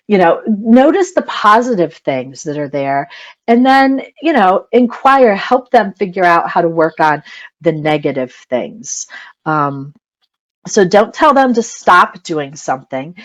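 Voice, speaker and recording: A woman's voice: mid-range voice, big pitch swings, a little slow. A middle-aged woman coaching parents in a chatty webinar talk, laughing often and saying "you know" a lot. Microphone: computer mic on video call.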